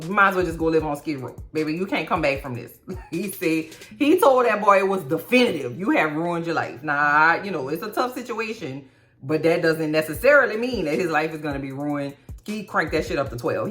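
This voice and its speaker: A woman with a fairly low voice talks through a TV recap. She is animated and slangy, with plenty of sassy asides to her viewers. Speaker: TV recap vlogger. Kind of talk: casual chat.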